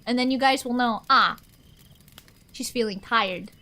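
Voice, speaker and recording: A woman's voice: on the high side, measured pace, sharp tone. A young woman streamer chatting casually with her live audience, rambling and answering chat aloud.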